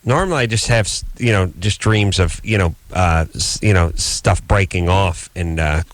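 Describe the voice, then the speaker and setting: A man co-hosting a late-night call-in radio show, telling stories in a dry, deadpan way on a studio microphone. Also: moderate pace, no echo. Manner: dry, deadpan storytelling with lively swings in pitch. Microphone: studio broadcast microphone.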